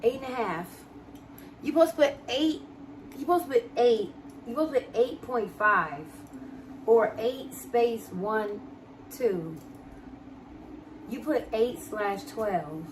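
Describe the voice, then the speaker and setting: A woman's voice: a little high, expressive, takes it slowly, pauses often, a little hiss or hum. A young American woman with a DMV accent chatting casually on a live stream, reading and answering viewers' comments as she talks. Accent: DMV (Washington, D.C. area) American. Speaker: livestreamer.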